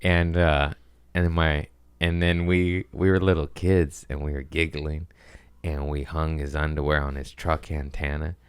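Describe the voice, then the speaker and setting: A low-voiced man in his thirties rambles through crude, comic family stories on his podcast and keeps dropping into quick put-on voices. His voice sits deep, and the studio sound is close and dry, with no room around it. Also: flat delivery, smooth, no echo. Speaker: podcast host. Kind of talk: casual comedic chat. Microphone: studio podcast mic.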